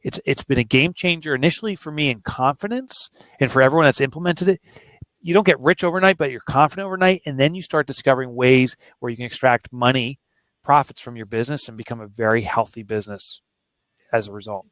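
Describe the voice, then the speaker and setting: A man in his forties tells a candid story from his own life as an interview guest. His voice is mid-pitched and plain, and he speaks with earnest feeling. The recording is dry and close, with no room sound. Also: quick pace, fairly bright tone, dry recording. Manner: earnest, emotional, plain-spoken. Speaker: author and guest.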